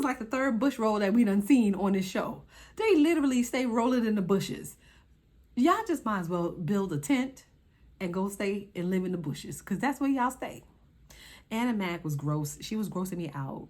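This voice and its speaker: A young woman hosting her channel and reviewing a reality show in casual, sassy talk, exclaiming and scolding the cast directly. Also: medium pitch.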